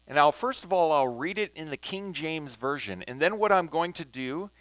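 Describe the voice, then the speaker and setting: A man teaching a Bible study, talking slowly and deliberately and stressing words as he reads scripture aloud. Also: fairly high pitch, animated, a bit bright, no echo. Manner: slow and deliberate, emphasizing words when reading scripture.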